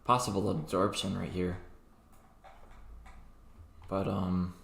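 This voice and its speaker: A man's voice: low voice, level tone, slow pace, gravelly, fairly bright tone. A young man hosting a crypto trading livestream, chatting casually and rambling with many fillers and restarts. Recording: echoey room with faint background noise.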